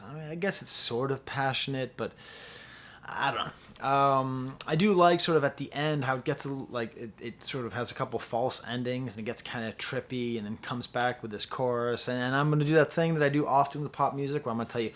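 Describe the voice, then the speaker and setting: A man reviews music in a loose, casual way, rambling from thought to thought with plenty of fillers and restarts. His pitch sits in an ordinary middle range. He now and then mocks his own reactions in playful voices. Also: a little fast, fairly bright tone. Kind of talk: casual spoken album review.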